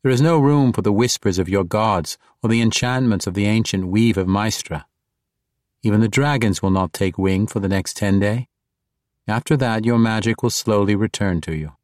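A man doing a solemn dark elf woman. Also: fairly low pitch, dry recording, clean studio sound, natural voice. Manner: measured, formal explaining.

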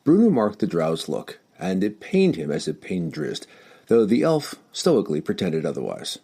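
A man narrating a fantasy audiobook with an expressive storytelling delivery. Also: sits low, moderate pace, gravelly, husky.

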